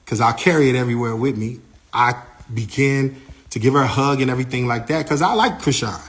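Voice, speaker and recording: Animated man recounting an incident. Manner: animated, grows louder and higher when heated. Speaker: manager. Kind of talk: first-person account of an incident.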